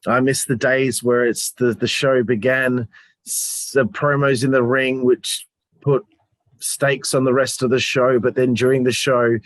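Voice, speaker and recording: A man's voice: mid-range voice, little pitch movement, measured pace, no room sound. A man co-hosting a casual review chat, talking in a rambling, hesitant way and swearing casually. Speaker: podcast co-host.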